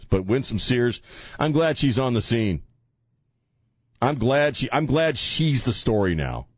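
A man's voice: medium pitch, sing-song, slow, long pauses, a little hiss or hum. A man hosting a call-in radio talk show, loose and jokey, laughing often as he talks. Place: radio studio.

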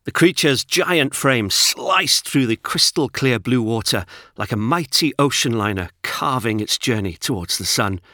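Lively, bright-voiced male storyteller. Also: mid-range voice, measured pace, no room sound, studio quality. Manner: expressive, lively reading. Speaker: storybook narrator. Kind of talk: scripted storybook narration.

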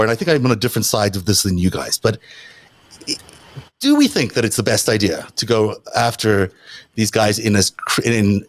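Male panel host, low pitch, dry sound, casual and halting delivery. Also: no room sound. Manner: hesitant, many restarts and fillers.

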